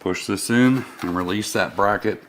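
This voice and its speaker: Man, lowish voice, casual how-to talk, workshop, faint background hiss. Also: normal speed. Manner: casual, step-by-step instructional, friendly shop talk. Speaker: service technician. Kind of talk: how-to install demonstration. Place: motorcycle workshop.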